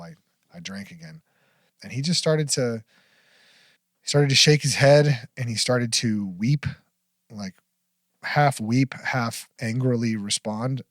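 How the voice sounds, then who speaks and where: A middle-aged man, a podcast guest, telling a personal story frankly with blunt swearing, his voice dropping very low at the heaviest parts. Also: normal speed, no echo, clean studio sound. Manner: frank, profane, drops to near-whisper at heavy moments. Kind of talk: candid storytelling interview.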